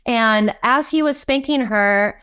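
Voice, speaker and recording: A woman guest on a podcast, telling a lively anecdote in conversation, with frequent "like" and "um". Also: a little high, slow, clean tone. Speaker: guest, kink educator. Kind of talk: storytelling in conversation.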